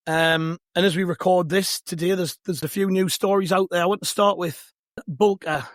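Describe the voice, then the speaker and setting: A hoarse, worn-out man with a raspy voice, hosting a podcast in a chatty, self-mocking, rambling way. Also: high-pitched, fairly even intonation, moderate pace, fairly bright tone, no room sound, clean studio sound. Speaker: podcast host. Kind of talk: casual chat.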